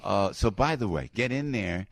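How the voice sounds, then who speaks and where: Male radio host, gravelly, animated storyteller, dry studio sound. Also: lowish voice, normal speed, no room sound. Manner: excitable, stammering restarts, acts out other people.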